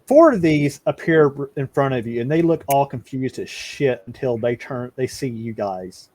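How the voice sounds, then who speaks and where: A man's voice: mid-range voice, animated, normal speed, a little mellow. A man narrating a tabletop game as game master, stumbling over and repeating words and laughing often.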